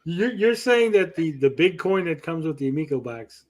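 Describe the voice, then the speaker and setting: A man's voice: a little high, very animated, normal speed, crowd noise. Teasing man hosting a livestream. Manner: teasing, playful. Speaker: show host. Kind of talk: casual livestream chat, reading chat messages.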